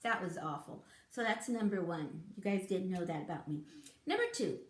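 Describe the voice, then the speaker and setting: Woman in her fifties, beauty vlogger, chatty and giggly, lively up-and-down delivery in an echoey room. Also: on the low side, moderate pace, slight background noise. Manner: chatty, giggly, animated storytelling. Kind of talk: casual storytelling to camera.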